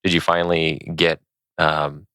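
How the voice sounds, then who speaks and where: A man hosting a podcast, asking questions in a relaxed, conversational way. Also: very deep voice, unhurried, clear, resonant tone, no echo. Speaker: podcast host. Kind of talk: casual interview.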